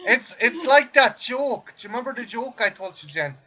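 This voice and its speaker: Bright-voiced joking man, high pitch. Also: expressive, moderate pace, rough recording. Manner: joking, stammering restarts. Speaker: podcast co-host. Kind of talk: casual chat.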